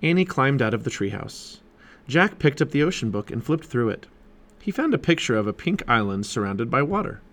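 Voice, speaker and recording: Man reading a storybook aloud, animated. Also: mid-range voice, a little fast. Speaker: storybook reader. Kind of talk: family read-aloud narration.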